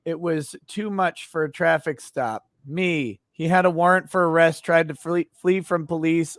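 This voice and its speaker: A man's voice: a little high, a bit bright, no echo, clean studio sound. A man hosting a live stream, reading viewer comments aloud and joking with guests. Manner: joking, laughs often, reads chat aloud. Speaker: livestream host.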